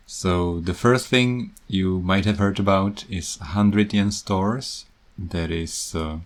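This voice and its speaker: A Czech man hosting a podcast, talking casually and with amusement about teaching English, laughing often. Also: low voice. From Czech Republic. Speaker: podcast host.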